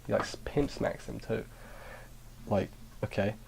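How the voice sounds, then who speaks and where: A man's voice: lowish voice, a little slow, gravelly, a little mellow, a little hiss or hum. A man giving a casual anime review, rambling with frequent restarts and dry sarcasm. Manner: rambling, sarcastic, self-interrupting.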